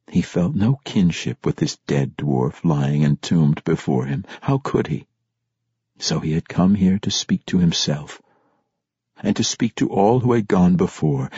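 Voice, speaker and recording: A man reads fantasy narration in a measured, steady manner, lifting into dramatic emphasis on key phrases. His voice is low and husky, recorded close and dry with a dull, lo-fi sound. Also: no echo. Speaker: audiobook narrator.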